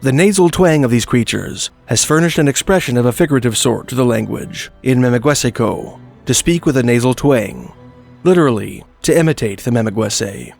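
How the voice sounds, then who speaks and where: A man narrates folklore history in a steady, scripted manner, his voice gravelly with fry. His pitch sits in the middle range. Faint music plays beneath him. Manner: measured, reads quoted historical passages.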